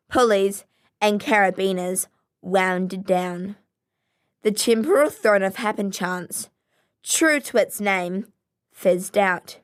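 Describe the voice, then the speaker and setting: Slow, measured woman reading a children's story. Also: medium pitch, smooth. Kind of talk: children's story read aloud.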